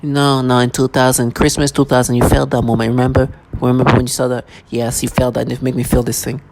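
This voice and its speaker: A vlogger mimicking a nonchalant, insistent persecutor in a flat, dismissive, repetitive voice. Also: mid-range voice, very fast, gravelly, slight background noise, pitched below the performer's own voice, close to an everyday voice.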